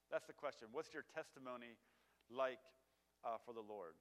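Chatty preacher in a reverberant hall. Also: male voice, medium pitch, moderate pace, fairly bright tone. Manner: conversational, filler-heavy, asks the audience questions. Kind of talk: casual sermon.

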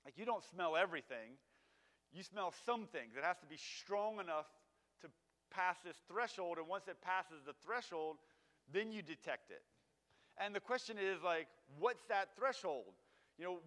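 Chatty preacher in a reverberant hall. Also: male voice, sits high, normal speed, fairly bright tone. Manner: conversational, filler-heavy, asks the audience questions. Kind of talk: casual sermon.

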